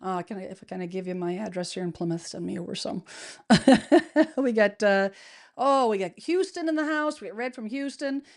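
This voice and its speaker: A woman's voice: mid-range voice, animated, normal speed. Chatty upbeat woman hosting a livestream. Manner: chatty, upbeat, many fillers and restarts, laughs often. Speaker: livestream host, real estate advisor. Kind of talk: casual livestream chat. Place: home studio, indoors.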